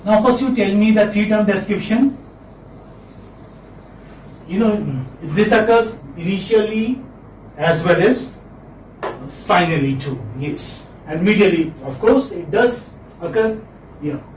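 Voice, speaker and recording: High-voiced man teaching in an echoey room. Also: takes it slowly, pauses often, darkish tone, a little hiss or hum. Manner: encouraging, repeats key terms. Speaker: phonetics teacher. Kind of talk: classroom lecture. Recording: echoey room, far from mic.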